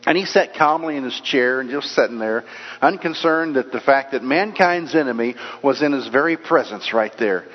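A man's voice: mid-range voice, normal speed. A man preaching a sermon as pastor, in a conversational, storytelling way. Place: church. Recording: dull echoey church hall recording.

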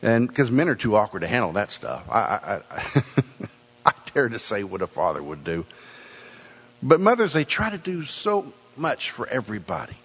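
A man's voice: on the low side, very animated, moderate pace, husky. An older man preaching a sermon in an earnest way, often repeating words for emphasis. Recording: dull sound with long hall reverb.

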